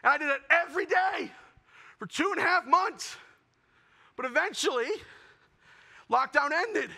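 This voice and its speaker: A young man performing a self-mocking stand-up comedy set, building to shouted punchlines. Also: extremely high pitch, measured pace, creaky. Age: young adult.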